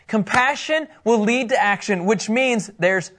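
A man's voice: very high voice, fairly bright tone. Playful man teaching scripture. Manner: playful, laughs often, quick asides. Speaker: pastor teaching a Bible study. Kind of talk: casual sermon to a live group.

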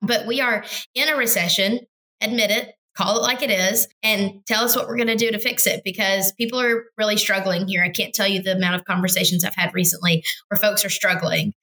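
A woman co-hosting a podcast, chatting casually about current affairs with a dry, joking edge and a laugh slipped in between points. Her voice is bright and forward. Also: medium pitch, steady tone, brisk, low-quality recording. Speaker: podcast co-host. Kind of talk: casual political chat.

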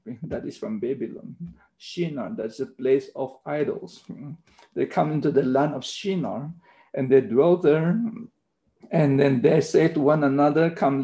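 Slow gravelly-voiced man teaching a sermon. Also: a little high, warm tone, rough recording. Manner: slow, emphatic Bible teaching with repeated "okay". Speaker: pastor.

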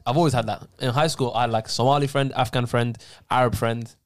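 A young man talks quickly in a casual podcast chat. His pitch sits in the middle range, and he rambles through his stories with plenty of slang. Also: steady tone. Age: young adult. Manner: rambling storyteller, laughs often. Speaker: podcast co-host.

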